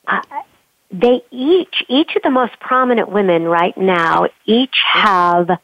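A woman voice coach being interviewed, talking expressively and sometimes showing pitch changes with her own voice. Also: slow, fairly bright tone, no echo, dull audio. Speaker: voice coach guest. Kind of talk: remote interview conversation.

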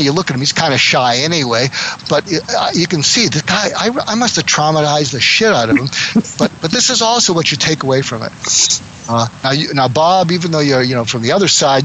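A man's voice: on the high side, sharp tone, a little hiss or hum, poor audio. A man doing an impression of a famous tech founder, talking bluntly and profanely about business in improvised role-play over a video call.

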